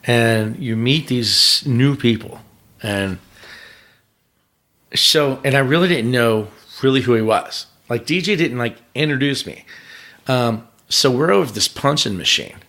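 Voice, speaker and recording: A man guesting on a podcast, swapping loose, rambling stories with a swear here and there. His voice sits at an everyday middle pitch, and he laughs easily between lines. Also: animated, a little slow, bright, forceful tone. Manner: rambling, profane, laughs often. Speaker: podcast guest, pit crew member. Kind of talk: casual storytelling.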